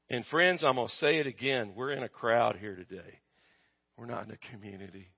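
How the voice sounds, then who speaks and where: A man's voice: mid-range voice, normal speed, gravelly, pauses often, breathy edge. A man preaching a sermon to his congregation, asking them questions and waiting for answers, his volume rising and dropping. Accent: American. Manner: call-and-response with congregation, swings loud and soft. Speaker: pastor. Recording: dull lo-fi recording.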